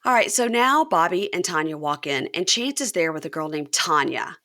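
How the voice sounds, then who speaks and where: A woman's voice: sits low, expressive, moderate pace, sharp tone. A woman hosting a podcast, recapping a show in casual chat and acting out scenes in quoted voices. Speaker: podcast host.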